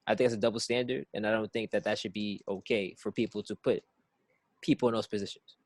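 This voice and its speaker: A man's voice: on the low side, steady tone, fast talker, no room sound. A man co-hosting a casual podcast who rambles and circles back to "it's like", often repeating words as he thinks through his point. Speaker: podcast co-host.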